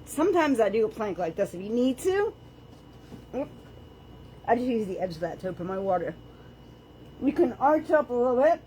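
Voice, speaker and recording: A woman's voice: on the high side, big pitch swings, normal speed, long pauses, warm tone, slight background noise. A woman leading a live floor workout at home, chatting and joking about herself as she talks viewers through planks and stretches and counts the reps aloud. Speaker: fitness instructor. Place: indoors at home, on a floor mat. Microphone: camera on the floor.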